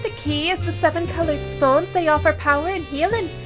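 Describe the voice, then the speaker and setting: A woman voicing a lively, confident young female friend in a game, talking in a chatty, upbeat way. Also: high-pitched, brisk, music in the background, pitched above the performer's own voice, lightly acted. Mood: earnest. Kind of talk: reading game dialogue aloud.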